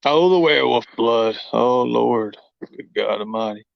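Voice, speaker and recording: A man's voice: mid-range voice, unhurried, creaky, no room sound. A middle-aged man, hosting a livestream in a rambling, folksy, exclaiming way. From Kentucky. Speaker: livestream host. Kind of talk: casual livestream talk. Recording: muffled dull audio.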